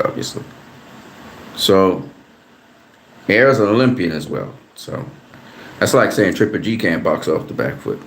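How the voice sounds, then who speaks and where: Low gravelly-voiced man talking boxing. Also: roomy sound, a little hiss or hum. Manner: relaxed, rambling, repeats words. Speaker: boxing commentator. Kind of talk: casual boxing analysis vlog.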